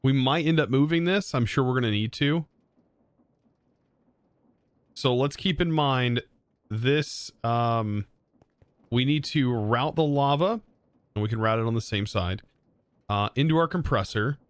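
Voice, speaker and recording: A man's voice: mid-range voice, normal speed, no room sound. A young man streaming a game live, thinking aloud in a hesitant way and often correcting himself mid-sentence. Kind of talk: live gameplay commentary.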